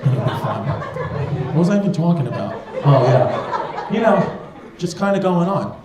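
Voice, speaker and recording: A man's voice: a little high, very animated, normal speed, heavy background noise. A man performing a stand-up comedy set, riffing with the audience in a rambling, profane way. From United States. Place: comedy club stage with a laughing audience. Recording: echoey club with loud crowd laughter.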